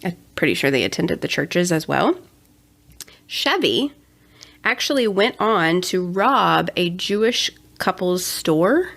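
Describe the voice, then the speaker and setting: Chatty young woman, lowish voice. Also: big pitch swings, takes it slowly, gravelly, fairly bright tone. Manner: chatty, sarcastic asides. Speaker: podcast co-host. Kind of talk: casual true-crime podcast chat.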